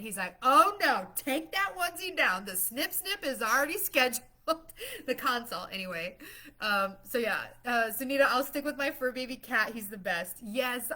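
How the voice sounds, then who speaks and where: A woman's voice: on the high side, pushed and bright. A woman chatting casually on a live stream, bubbly and rambling, laughing often as she greets viewers and promotes her class. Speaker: livestream host promoting her masterclass.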